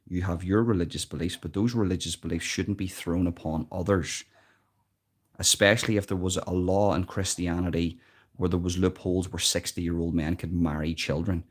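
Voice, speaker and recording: Deep-voiced Irish man, emphatic. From Ireland. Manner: earnest, emphatic, repeats words while thinking. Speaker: live-stream host. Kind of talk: opinionated live-stream commentary. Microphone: built-in device mic, no external mic.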